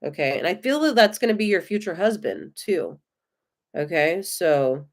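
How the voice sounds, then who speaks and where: A woman with an American accent giving tarot readings on a live stream, gentle, effusive and reassuring. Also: fairly low pitch, lively intonation, moderate pace. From United States. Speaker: tarot reader.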